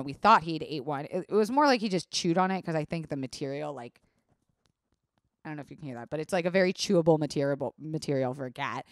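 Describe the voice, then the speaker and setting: A young woman hosting a podcast, telling a story in a casual, profane, animated way and acting out the people she quotes. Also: fairly low pitch, no room sound, studio quality. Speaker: podcast host.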